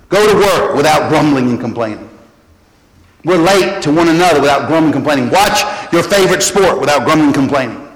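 A man preaching a sermon as pastor, animated and repeating key phrases. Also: a little high. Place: church sanctuary. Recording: echoey church hall.

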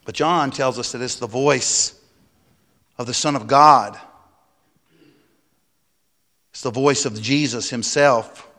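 A man's voice: mid-range voice, measured pace, pushed and bright. A pastor preaching a sermon, stressing his points and asking the congregation rhetorical questions. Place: church sanctuary. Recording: long hall reverb.

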